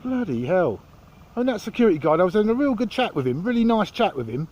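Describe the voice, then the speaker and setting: A man's voice: high-pitched, very animated, fast talker, a little mellow, poor audio. A man with an Essex accent, filming himself outdoors and talking to camera in an indignant, sarcastic way. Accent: Essex English. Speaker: urban explorer filming police encounter. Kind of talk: confrontational vlog commentary. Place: outdoors by a roadside near an industrial site.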